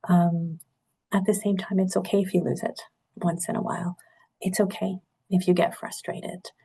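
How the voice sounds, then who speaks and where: Middle-aged woman, nurse presenter, husky and candid, earnest webinar delivery. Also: fairly low pitch, level tone, moderate pace, dark tone. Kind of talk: webinar talk.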